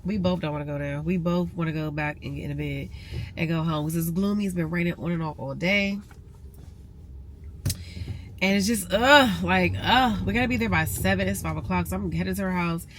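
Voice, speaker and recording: A woman's voice: fairly low pitch, brisk. Stuffy-nosed woman vlogging from her car. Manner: chatty, addresses viewers as y'all. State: stuffy nose. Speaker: vlogger and realtor. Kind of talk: casual vlog chat. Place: in a car in traffic. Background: vehicle noise.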